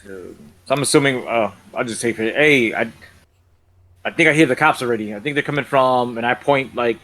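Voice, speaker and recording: A man's voice: medium pitch, fairly quick, a bit bright. A man playing a tabletop game, talking hesitantly with many fillers and hedges. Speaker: player. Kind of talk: casual tabletop role-play.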